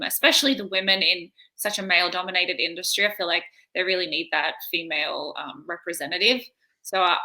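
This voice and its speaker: Young woman, light Australian accent, bright and crisp, chatty interview guest who laughs easily. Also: mid-range voice. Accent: Australian, softened by years in America. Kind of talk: casual video-call interview. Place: home.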